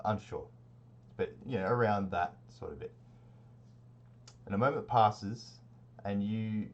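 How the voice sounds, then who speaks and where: Deep-voiced man running a tabletop game. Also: highs cut off. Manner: relaxed, rambling narration with many fillers. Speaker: game master.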